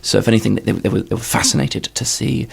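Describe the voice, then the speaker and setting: A young man giving a deadpan, stammering comic interview, repeating words as he goes. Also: lowish voice, fast talker, creaky, slightly rough. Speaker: comedian guest. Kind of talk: improvised comedy interview.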